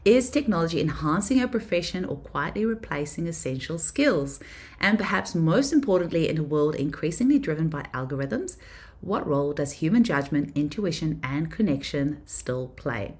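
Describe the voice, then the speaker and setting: A woman with a fairly low voice opens her podcast by reading a scripted introduction. She keeps a measured pace and lets her phrases fall away softly at the end before breaking into relaxed chat. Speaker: podcast host. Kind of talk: reading a scripted episode intro, then chatting.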